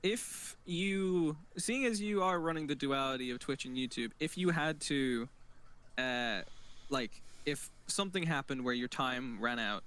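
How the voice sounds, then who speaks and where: A man's voice: mid-range voice, unhurried, fairly bright tone, clear, resonant tone. A man guest in a casual podcast chat, laughing often and hesitating with lots of fillers. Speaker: streamer guest.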